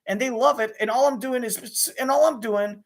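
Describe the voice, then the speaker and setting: A young man venting to camera about sports radio hosts, his talk fast and restless. He swears freely and trips over his own sentences as he pushes to get every point out. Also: extremely high pitch, creaky. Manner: rapid, restless, with many restarts and swearing. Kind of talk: angry profane rant to camera.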